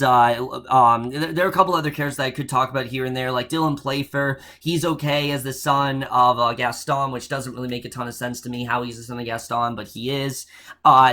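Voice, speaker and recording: A man's voice: medium pitch, pushed and bright. A man reviewing a film in a casual spoken style, blunt and opinionated, with frequent ums and uhs. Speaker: movie reviewer.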